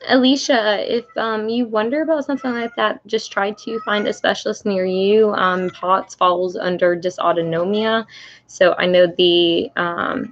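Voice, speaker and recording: Young woman vlogger, casual rambling home livestream, dull lo-fi sound. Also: lowish voice. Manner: rambling, many fillers and restarts. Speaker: service dog handler. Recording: lo-fi livestream audio.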